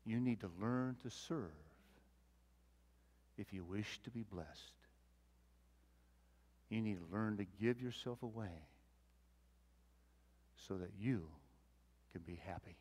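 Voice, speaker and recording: A male pastor delivering a folksy sermon, swinging between loud emphasis and quiet asides, often repeating words as he thinks. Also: on the low side, slow pace, pauses often. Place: church sanctuary.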